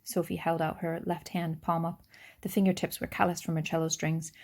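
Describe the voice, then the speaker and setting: Low, gravelly woman reading a story aloud. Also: little pitch movement, a little fast, a little mellow. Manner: unpolished reading with small slips and restarts. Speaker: reader. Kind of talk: reading a children's novel aloud.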